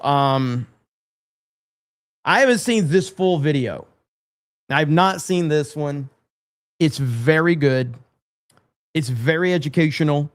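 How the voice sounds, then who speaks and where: A man hosting a casual live stream, rambling and reading viewer chat aloud. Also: a little high. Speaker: livestream host.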